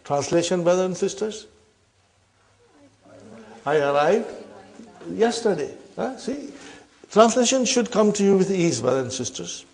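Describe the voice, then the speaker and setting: A man's voice: sits high, lively intonation, unhurried, creaky, long pauses, darkish tone. A middle-aged man teaching Arabic grammar to a class, often ending points with a questioning "huh?" and addressing the students as brothers and sisters. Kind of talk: classroom lesson.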